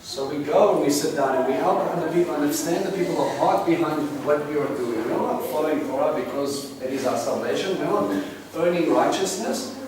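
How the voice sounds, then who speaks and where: A man giving an earnest, animated bible teaching to a congregation and asking them questions. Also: a little high, brisk. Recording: echoey room from a distant mic, noisy.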